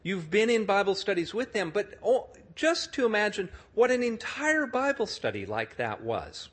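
Animated, slightly husky male storyteller. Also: sits high, moderate pace. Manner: animated storyteller, acts out the people he describes. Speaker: speaker telling a story to an audience. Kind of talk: storytelling sermon.

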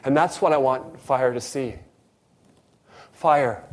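A middle-aged man preaching a sermon, telling a personal story with lively swings between loud emphasis and hushed, quiet asides. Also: mid-range voice, takes it slowly, pauses often.

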